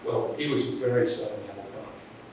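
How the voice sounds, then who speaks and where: Man, casual storyteller, rambling delivery; distant mic in a very echoey space with clear background noise. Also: on the low side, a little fast. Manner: rambling, restarts, chuckles at his own story. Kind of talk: casual anecdote.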